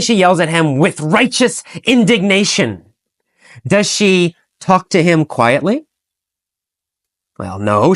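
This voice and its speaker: A man's voice: fairly high pitch, fairly bright tone, no room sound, clean studio sound. A man teaching an English lesson, telling a story through repeated questions and answers and asking listeners to repeat key phrases.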